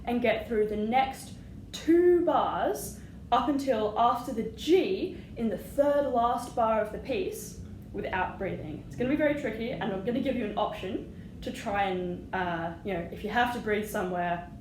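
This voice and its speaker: A woman's voice: fairly high pitch, animated, moderate pace, a little mellow. A woman teaching flute, patient and encouraging, singing rhythms aloud as she explains. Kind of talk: music lesson. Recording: echoey room with audible noise.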